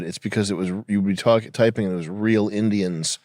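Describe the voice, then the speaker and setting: A man's voice: on the low side, fairly even intonation, brisk, darkish tone, dry recording, studio quality. A man in casual podcast chat, talking bluntly and crudely and reading links aloud.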